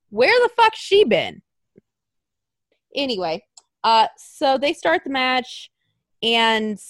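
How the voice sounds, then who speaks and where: A woman in casual conversation with a fairly high, very lively voice that swoops as she acts out quotes. She sounds sarcastic and animated, and she laughs often. The sound is dry and close, with no room around it. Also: dry recording. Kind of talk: casual chat.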